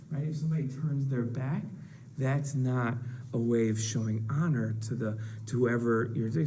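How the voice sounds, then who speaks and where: Mellow-voiced man teaching kids. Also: medium pitch, slight background noise. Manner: casual, explanatory, rhetorical questions. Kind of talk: explaining rules to children.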